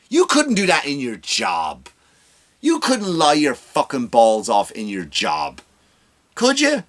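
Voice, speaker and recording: A man's voice: medium pitch, huge pitch swings, takes it slowly, a bit bright. A man hosting a comedy podcast, ranting in a profane, exasperated way with big jumps in his voice.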